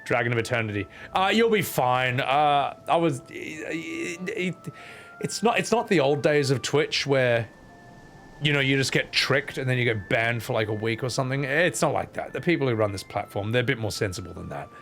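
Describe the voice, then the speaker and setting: A man's voice: medium pitch, lively intonation, moderate pace, fairly bright tone, slight background noise. A young man streaming a game, rambling and joking at himself in casual commentary. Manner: rambling, jokey, self-mocking.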